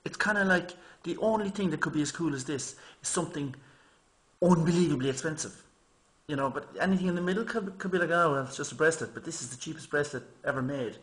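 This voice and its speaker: A man's voice: on the high side, fast talker. Chatty man rambling to camera. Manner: chatty, animated storytelling, mimics people in raised voice. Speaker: vlogger. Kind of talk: rambling casual monologue.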